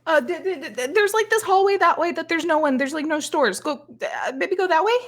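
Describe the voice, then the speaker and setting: A woman's voice: very high-pitched, animated, fairly quick, fairly bright tone, voice pushed up, full character voice. A woman voicing a giddy, starstruck fan in their late twenties who stammers and gushes. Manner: stammering, gushing, breathless.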